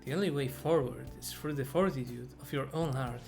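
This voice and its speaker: A man's voice: mid-range voice, a little fast, vocal fry, lightly acted. Brief: remorseful young female fortune teller from a game, sincere and pleading, read by a man in his own voice, music behind. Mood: earnest. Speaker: gamer reading game dialogue aloud. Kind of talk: reading game dialogue aloud.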